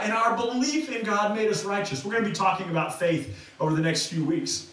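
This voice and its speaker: A man's voice: high voice, brisk, a bit bright, very echoey, distant mic, poor audio. A man preaching a sermon as pastor, talking in a loose, conversational way with many restarts and fillers. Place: church sanctuary.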